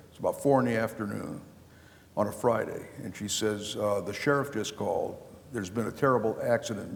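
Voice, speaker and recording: Speaking before a live audience in a lecture hall, a former county official turned author rambles through anecdotes, often starting over. His older voice is gravelly and fairly low, with a darkish tone, and long hall reverb fills the recording.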